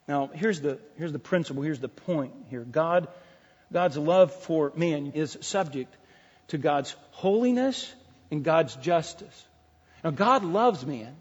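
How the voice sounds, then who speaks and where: A man's voice: a little high, lively intonation, measured pace, breathy edge. A man preaching an expository sermon as pastor, with emphatic rises and many restarts. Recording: dull lo-fi recording in a reverberant hall.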